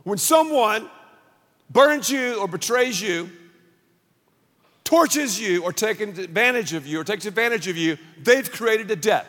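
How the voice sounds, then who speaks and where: A man preaching a sermon as pastor, punchy and animated, leading the crowd in call-and-response. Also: sits high, unhurried. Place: large church auditorium. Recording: long reverb of a large hall.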